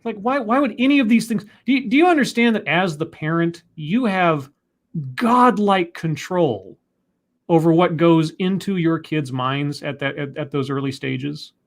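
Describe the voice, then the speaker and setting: A man's voice: on the high side, lively intonation, normal speed. A man hosting a casual discussion, talking in an exasperated, ranting way. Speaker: podcast host.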